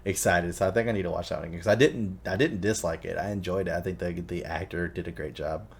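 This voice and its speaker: A man with a very low, deep voice talks in a loose, rambling way and swears constantly. He retells film scenes with animated energy in a relaxed, casual chat. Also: quick pace, vocal fry, husky. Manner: swears a lot, rambling storytelling. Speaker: podcast co-host.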